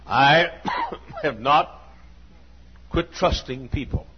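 A man's voice: a little high, drawn-out words, husky. A man in his sixties preaching a sermon in a church, telling personal stories in a folksy, earnest way with frequent restarts and coughs. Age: 60s. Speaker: pastor. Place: church sanctuary. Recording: dull lo-fi sermon recording.

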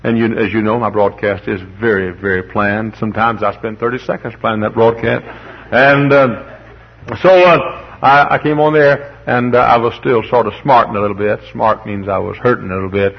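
A man's voice: on the low side, fairly even intonation, moderate pace, vocal fry, breathy edge, muffled recording. A man preaching a sermon as pastor, rambling and humorous, repeating words as he tells stories and then rising to emphatic preaching. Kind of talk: sermon with folksy storytelling.

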